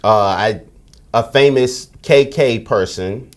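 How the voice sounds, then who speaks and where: A man's voice: medium pitch, slow. A middle-aged man from the United States speaking as a podcast guest, telling stories frankly and animatedly, with slang and profanity. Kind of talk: candid conversational interview.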